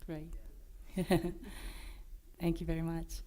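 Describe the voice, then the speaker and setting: A woman with a Korean accent presenting at a developer conference, her voice hoarse from being unwell, joking and filling pauses with many fillers and restarts. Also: low voice, monotone, mellow. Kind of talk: conference talk. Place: conference room.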